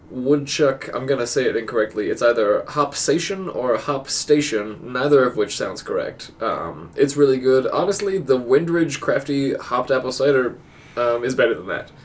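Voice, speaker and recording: A man's voice: medium pitch, normal speed, far from the mic, slight background noise. A man co-hosting a casual podcast, rambling through his thoughts with many ums and restarts. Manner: rambling, filler-heavy, stops and restarts. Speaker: podcast co-host. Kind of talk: casual chat.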